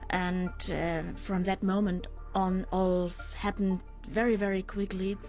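An older woman in an interview, recounting a personal ordeal in a measured, halting way with pauses and fillers. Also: medium pitch, darkish tone. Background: faint music.

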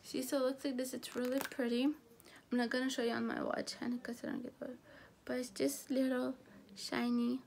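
A woman chatting casually through a beauty product haul, gushing and halting, with frequent restarts. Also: high-pitched, little pitch movement, vocal fry, a little mellow.

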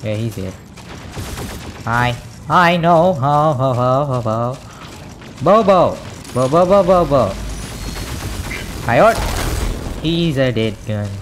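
A man talks through his game in a lively, up-and-down voice, rarely hurrying. He jokes, cheers and rages at the match as it goes. Game noise hums clearly under him. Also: mid-range voice, slow, pauses often. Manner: excitable, raging and joking at the game. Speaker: gaming channel host. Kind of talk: live gameplay commentary.

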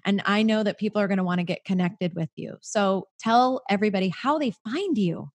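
A woman's voice: medium pitch, brisk. A woman hosting a faith podcast, effusive and affirming toward her guest. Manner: effusive, affirming, laughs readily. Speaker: podcast host. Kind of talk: podcast interview.

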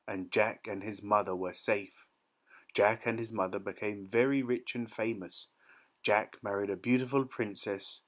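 A man reading a fairy tale aloud in a steady, expressive storytelling manner. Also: fairly low pitch.

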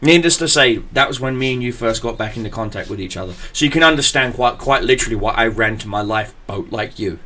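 A man hosting a podcast, telling a story in a profane, animated way. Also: mid-range voice, fast, few pauses. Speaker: podcast host. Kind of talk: casual podcast chat.

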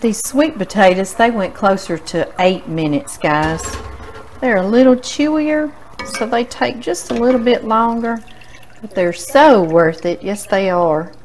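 A woman's voice: mid-range voice, unhurried, a little mellow, a little hiss or hum, poor audio. A woman hosting a home cooking demonstration, chatty and folksy, talking straight to her viewers. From Louisiana. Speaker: cooking show host. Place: home kitchen.

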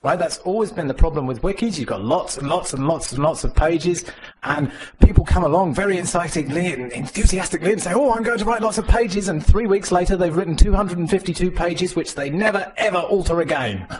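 A man giving a live conference tech talk with a demo, animated and joking, talking to the audience. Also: a little high, a little fast, crowd noise. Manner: animated, jokey, mimics others in voices. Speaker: conference speaker. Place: conference room.

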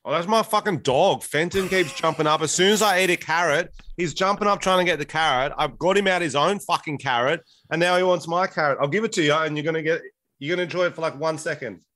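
A man's voice: on the high side, quick pace, a bit bright, dry recording. An Australian man chatting as a podcast guest, laughing, swearing and sounding indignant. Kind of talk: casual podcast chat.

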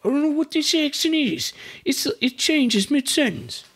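Guy doing a cocky irish fighter voice, way up high, hammy fake accent. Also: expressive, a bit bright, full character voice. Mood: mocking. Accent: put-on Irish. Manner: exaggerated, slow and mocking. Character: brash swaggering young Irish fighter, man.

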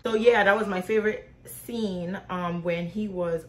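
A woman's voice: medium pitch, fairly even intonation, measured pace, few pauses, slight background noise. A young woman in her twenties chatting casually to viewers in a question-and-answer vlog, rambling with lots of fillers and slang, recorded on a phone. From Haitian/Bahamian. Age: 20s. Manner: informal slang, speaks to viewers as y'all. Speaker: vlogger. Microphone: phone camera.

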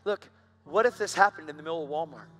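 A man's voice: fairly high pitch, quick pace, fairly bright tone. A man preaching a live sermon in church, telling his story in an earnest, emphatic and intense way. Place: church service on stage.

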